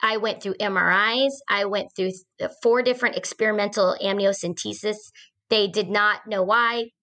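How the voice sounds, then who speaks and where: Bright-voiced earnest woman telling a story. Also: medium pitch, steady tone, moderate pace. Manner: earnest, conversational, with fillers and restarts. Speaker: podcast host. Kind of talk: personal storytelling in a discussion podcast.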